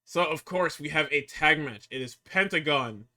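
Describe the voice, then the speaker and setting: A man's voice: on the high side, normal speed. A man co-hosting a podcast, telling a story in casual, profane chat and acting out what others said. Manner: animated, profane storytelling, acting out quotes, frequent laughter. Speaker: podcast co-host recapping wrestling.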